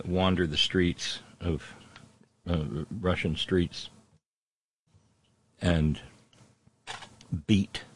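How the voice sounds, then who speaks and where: A man's voice: low voice, gravelly, slightly rough. A man telling a story in a rambling, sardonic monologue, full of restarts and fillers. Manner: halting, many restarts and fillers.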